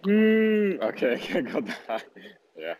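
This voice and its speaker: A man's voice: low voice, expressive, fast talker, soft background music. A male singing student talking in a hesitant way with lots of fillers, outdoors on a street over earbuds. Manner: hesitant, full of "like". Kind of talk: casual chat. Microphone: earbuds on a call.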